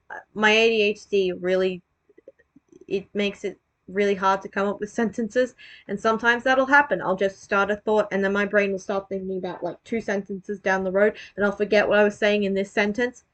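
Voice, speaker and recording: A woman's voice: mid-range voice, little pitch movement, normal speed, fairly bright tone. Self-mocking woman with a rambling, sweary delivery. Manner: rambling, self-deprecating, swears, frequent restarts. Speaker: vlogger reacting to her old video. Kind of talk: casual self-mocking commentary.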